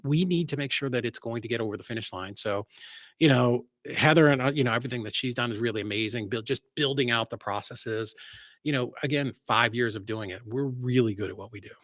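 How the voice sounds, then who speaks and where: A man's voice: mid-range voice, fast, dry recording. Guy on a podcast, punchy and confident, acts out little quotes, dry close sound. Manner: energetic, acts out quoted voices with sharp rises; blunt and self-assured. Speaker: real estate investor and guest. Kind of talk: casual podcast interview.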